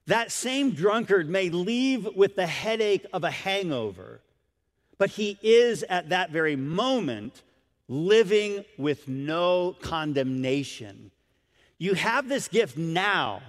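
A man's voice: high voice, very animated, takes it slowly, long reverb tail. A man preaching a sermon in an emphatic, dramatic way, with big swings in volume.

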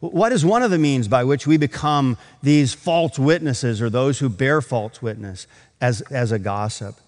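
A man's voice: mid-range voice, normal speed, a little mellow, long reverb tail. A man preaching a sermon, telling a story with acted quotes and building to emphatic points. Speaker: pastor.

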